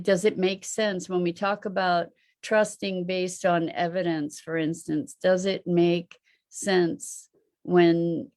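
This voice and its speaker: A woman's voice: fairly low pitch, darkish tone. A woman hosting a reflective live online talk, musing aloud and posing rhetorical questions. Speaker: host and teacher.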